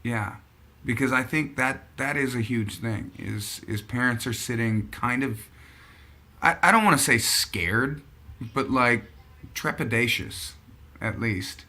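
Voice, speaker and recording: A man's voice: mid-range voice, measured pace, pushed and bright. A man hosting a casual chat show, rambling and thinking aloud as he talks. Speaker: podcast host.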